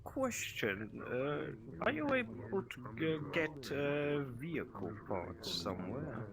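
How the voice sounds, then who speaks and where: A man's voice: a little high, sing-song, takes it slowly, vocal fry. A man playing a polite customer in a game roleplay, asking hesitantly with lots of fillers. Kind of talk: in-character roleplay chat. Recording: loud crowd of players behind.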